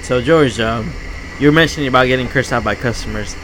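A man's voice: mid-range voice, fast talker, fairly bright tone, a little hiss or hum, poor audio. A man co-hosting a podcast in casual chat, asking blunt, profane questions. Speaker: podcast host.

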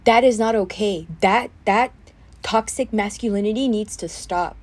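A woman's voice: medium pitch, a little slow, a little mellow, slight background noise. A young woman hosting a solo podcast, telling a story in a heated, indignant way, full of fillers and restarts. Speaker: podcast host.

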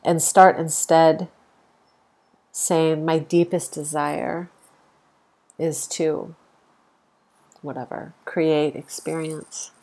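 A woman with a stuffy nose talks through a casual spiritual podcast from home, easygoing and enthusiastic, with soft laughs and fillers as a yoga teacher and host. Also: low voice, little pitch movement, very slow, pauses often.

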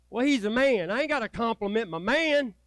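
A man preaching a sermon as pastor, folksy and swinging from loud urging to low, quiet asides. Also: animated, normal speed, clear, resonant tone, no echo. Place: church sanctuary.

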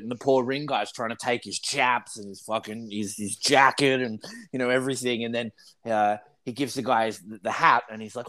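Animated, swearing man telling wrestling stories. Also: medium pitch. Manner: animated storytelling, swears freely. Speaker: podcast co-host. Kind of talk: casual chat.

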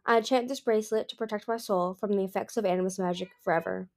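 A woman voicing a smug, scheming ancient male dragon in a storybook reading, smooth and self-assured. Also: mid-range voice, steady tone, fast talker, lightly acted.

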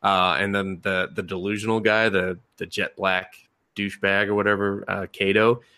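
A podcast host with a low, sharp-toned voice recaps an anime casually and with energy, laughing and acting out the characters' lines. He speaks at normal speed, keeping his tone fairly level.

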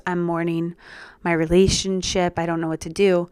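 A young woman telling her personal story as a podcast guest, earnest and reflective, in a soft-spoken way. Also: fairly low pitch, flat delivery, brisk, few pauses, clean tone, no room sound.

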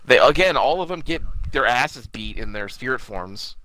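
A man's voice: medium pitch, animated, normal speed, bright, forceful tone, a little hiss or hum. A young man co-hosting a podcast, recapping an anime episode in loose, profane casual chat. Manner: loose and profane, acts out characters in bursts. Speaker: podcast co-host.

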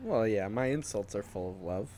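A man's voice: on the low side, animated, moderate pace, mellow, slight background noise. A man co-hosting a podcast, teasing his friends with crude banter in casual chat. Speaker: podcast co-host.

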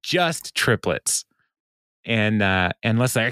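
A man with a fairly low voice, recorded dry and close, recapping a sitcom episode in a loose chatty way. He laughs often and slips briefly into the characters' lines as he retells each scene. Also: normal speed, a bit bright, no room sound. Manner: laughs often while talking. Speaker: podcast co-host.

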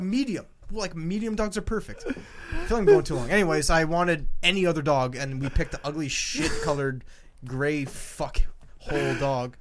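A young man co-hosting a podcast, telling crude stories in a loud, animated way and laughing along. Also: a little high, fairly quick, a little hiss or hum. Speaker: podcast co-host. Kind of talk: casual chat.

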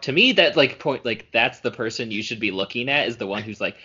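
Laughing, chatty man with a low voice. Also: fairly quick, few pauses, sharp tone, slightly rough, highs cut off. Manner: laughs often, chatty with many fillers. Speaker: podcast co-host. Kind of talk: casual chat.

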